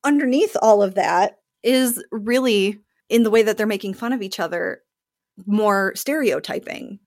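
A woman actor in a casual interview, telling the story of a play in an animated way and acting out other people's lines. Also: medium pitch, unhurried, no room sound, clean studio sound.

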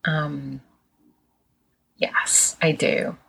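A woman's voice: low voice, level tone, drawn-out words, gravelly, a bit bright, husky. A woman from England, talking candidly in a casual podcast chat, laughing often and swearing freely.

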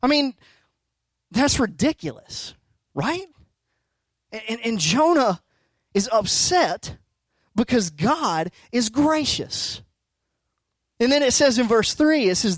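A man's voice: high-pitched, animated, slow pace, no echo. A middle-aged man preaching a sermon as a pastor, conversational and emphatic, asking rhetorical questions.

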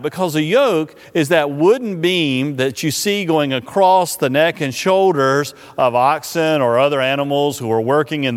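A male pastor preaches in a church sanctuary, his voice sitting a little high. He speaks earnestly and without hurry, often easing into a slow, soft tone. A long reverb from the hall trails after his words. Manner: earnest, unhurried preaching that drops soft and slow when voicing invitations. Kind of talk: sermon.

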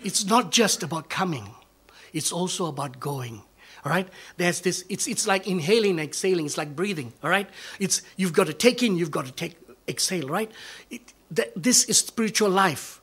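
A man preaching a sermon, asking rhetorical questions and answering them, dropping to near whispers and then building to loud, emphatic calls. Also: high voice, expressive, normal speed, slightly rough. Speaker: pastor.

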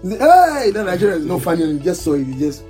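Over music, a man with a highish voice preaches at a quick pace to his congregation. The pastor is emphatic, repeating key words again and again, and leads a prayer line by line.

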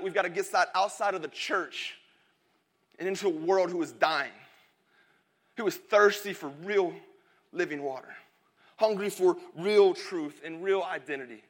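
A man's voice: high-pitched, normal speed. A man in his thirties preaching a sermon, telling a funny family story in a chatty, joking way. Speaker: pastor. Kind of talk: sermon with a humorous personal story.

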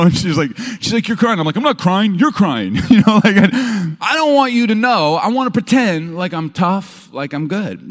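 A man preaching from a stage to a live audience, telling funny stories and acting out the voices of people in them. His pitch swoops widely as he jumps between characters. It is a casual, animated sermon. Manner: animated storytelling, acting out quotes. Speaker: pastor.

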